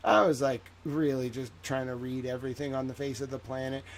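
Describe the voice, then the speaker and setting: With a mid-range voice and brisk delivery, a man hosts a livestream, chatting casually. He rambles, swears, and leans heavily on fillers like "like."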